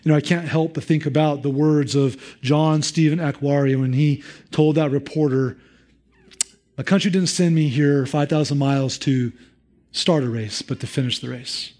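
A man preaches a sermon in a slightly higher voice. He turns animated and quick when he retells stories, then slows to put direct questions to his listeners. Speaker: pastor.

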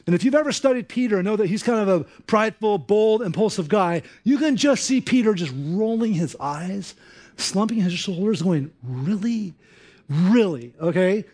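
A man preaching a sermon in an animated, conversational way, acting out voices. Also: high-pitched, moderate pace. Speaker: pastor.

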